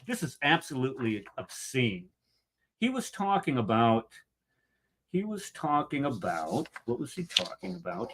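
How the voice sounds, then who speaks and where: A man from the United States hosting a show, giving emotional, sarcastic commentary on a video he is critiquing. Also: mid-range voice. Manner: emotional ranting; sarcastic, indignant. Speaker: host.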